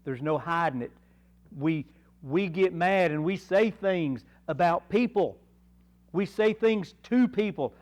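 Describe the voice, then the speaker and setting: A man with an East Tennessee accent teaching a Bible lesson at church, earnest and folksy, full of rhetorical questions. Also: on the high side. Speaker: Sunday school teacher. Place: church classroom.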